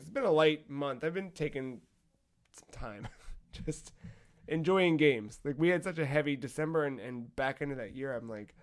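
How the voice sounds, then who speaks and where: A man's voice: a little high, clear, resonant tone. A man hosting a casual podcast, joking and laughing often as he wraps up the episode. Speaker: podcast host.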